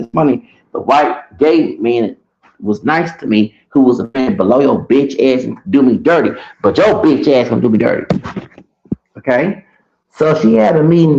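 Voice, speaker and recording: A man with a gravelly, fry-heavy voice rants through a personal story, circling back and repeating himself. The sound is dull and lo-fi, and his level keeps jumping between loud bursts and low mutters. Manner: heated, rambling, repeats himself, swings loud and soft. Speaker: vlogger. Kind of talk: ranting personal story to camera.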